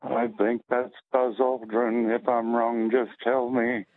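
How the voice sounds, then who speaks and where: A man's voice: mid-range voice, level tone, slow pace, no echo. A man calling in to a radio quiz, hesitant and self-deprecating. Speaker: caller. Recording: dull phone line.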